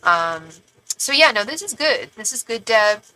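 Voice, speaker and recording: Bright-voiced chatty woman tarot reader. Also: fairly high pitch, very animated, a little slow, rough recording. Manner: chatty, reassuring, full of fillers and restarts; affectionate asides to the viewer. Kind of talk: live-stream tarot reading, reading viewer comments aloud.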